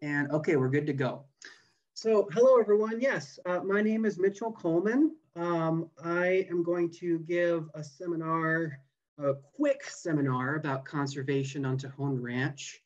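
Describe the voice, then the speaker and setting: A man's voice: fairly high pitch, fairly even intonation, measured pace, highs cut off. A young man from California giving a casual online seminar as a botanist, with many fillers and restarts, over a video call. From California, USA. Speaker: guest speaker, botanist.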